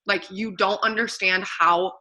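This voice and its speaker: A woman's voice: medium pitch, steady tone, unhurried, sharp tone, low-quality recording. A young woman in casual chat, earnest and enthusiastic, stressing her points with emphasis. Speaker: co-host.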